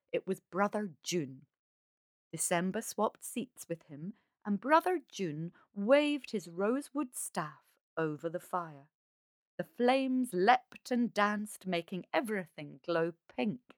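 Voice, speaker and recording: A woman reading a fairy tale aloud as a calm, measured storyteller. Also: mid-range voice, dry recording, studio quality.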